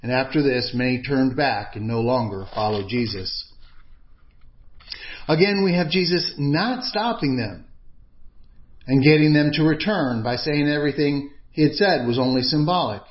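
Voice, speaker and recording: An earnest male preacher giving a sermon at a measured pace, leaning hard on key words. His voice sits in a middle range. The recording sounds a little dull and lo-fi. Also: medium pitch.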